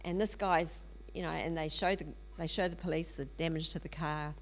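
A woman's voice: low voice, fairly even intonation, moderate pace. A middle-aged woman telling a story in a sermon, earnest, with frequent ums and restarts. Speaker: speaker in a church teaching series.

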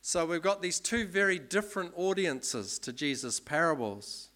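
A man giving a sermon in a relaxed, explanatory way, with many ums and restarts. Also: on the high side, normal speed. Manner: conversational, explanatory, with fillers. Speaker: preacher.

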